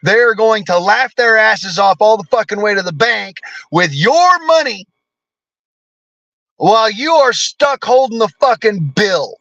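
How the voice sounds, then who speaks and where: A man's voice: high-pitched, moderate pace, hardly any pauses, pushed and bright, dry recording, highs cut off. An American man delivering a profane, blunt political rant as a vlogger, cursing constantly and talking combatively.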